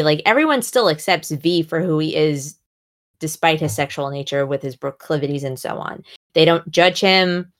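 Animated young woman, low voice. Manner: animated, many fillers, acts out quotes with big pitch jumps. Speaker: podcast co-host discussing books. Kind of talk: casual chat.

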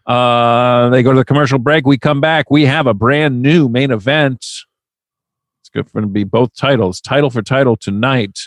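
A man's voice: medium pitch, normal speed, no echo. A man hosting a casual podcast, animatedly recapping events with profane, storytelling energy. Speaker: podcast host.

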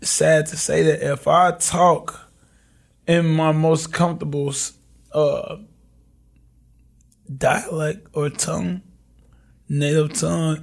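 Young guy on a podcast, raspy gravelly voice, laughs a lot telling stories. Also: on the high side, slow pace, pauses often. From Chicago. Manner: laid-back, laughing, animated storytelling. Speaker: podcast guest. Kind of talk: casual conversation.

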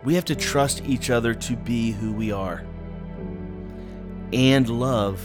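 A man's voice: mid-range voice, takes it slowly, over music. A man giving an earnest, conversational devotional talk, speaking directly to the listener.

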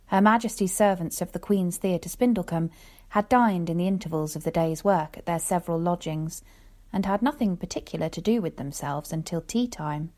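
Narrator: woman, lowish voice, measured storybook reading. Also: a little mellow. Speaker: audiobook narrator. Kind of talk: scripted narration.

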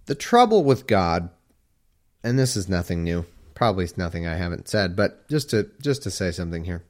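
Low voiced guy reading scripture out loud, slow and formal then wry jokey asides. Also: big pitch swings. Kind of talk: reading scripture aloud with casual commentary.

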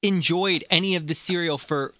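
A man's voice: on the high side, normal speed, bright, forceful tone, dry recording. A man co-hosting a casual cereal review show, joking, teasing and complaining. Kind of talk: casual chat.

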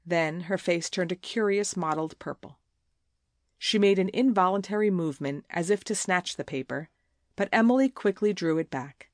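Low-voiced woman reading a novel aloud. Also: moderate pace, dry recording. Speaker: audiobook narrator. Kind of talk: scripted narration. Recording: dry close recording.

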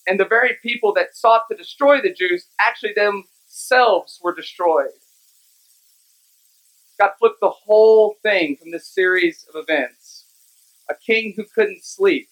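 A pastor delivering a sermon in a relaxed, conversational way. He retells the scripture story in everyday speech, checking in with "right?" as he goes. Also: medium pitch, low-quality recording. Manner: casual, conversational, lively retelling.

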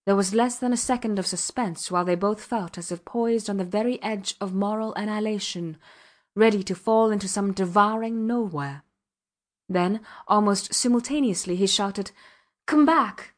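A woman narrating a classic novel in a measured, even reading. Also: mid-range voice. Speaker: audiobook narrator. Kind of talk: scripted narration.

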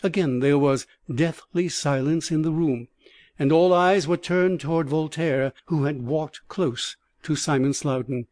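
A man's voice: fairly high pitch, unhurried, darkish tone, no echo. Man narrating an old novel. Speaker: audiobook reader. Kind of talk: first-person audiobook narration.

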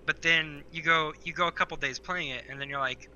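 A man's voice: on the high side, steady tone, fairly quick, few pauses, bright, forceful tone, highs cut off, a little hiss or hum. A man co-hosting a podcast in casual chat, rambling with many fillers and restarts. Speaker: podcast co-host.

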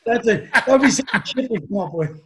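A man guest on a comedy podcast, telling stories in a dry, deadpan way with wry jabs. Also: very high voice, fast, over a noisy crowd.

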